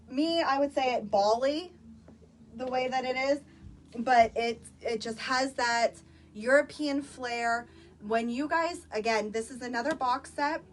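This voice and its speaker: A woman chatting casually on a phone livestream, showing products to viewers with lots of filler words. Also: a little high. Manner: chatty, filler-heavy, addresses viewers as "you guys". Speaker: social-selling vlogger. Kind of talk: casual live product demo. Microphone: phone, live stream.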